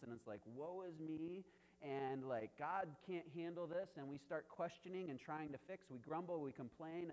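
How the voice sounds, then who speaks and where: Man preaching casually in a reverberant hall. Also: on the high side. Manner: conversational preaching, frequent "right?" asides, chuckles. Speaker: pastor. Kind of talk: sermon.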